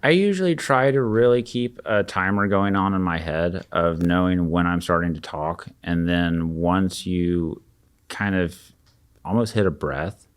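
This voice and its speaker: Male sales coach, low pitch, relaxed and practical. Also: measured pace, clean tone. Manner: relaxed, practical, acts out short sample questions. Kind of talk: casual explanation of sales technique.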